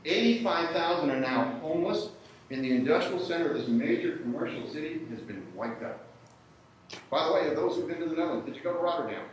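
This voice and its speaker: A man giving a lively live history lecture, often putting questions to his audience. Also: fairly high pitch, quick pace. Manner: animated, asks the audience questions. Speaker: history speaker at a workshop. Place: indoor event room with audience. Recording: echoey room from far off, faint noise.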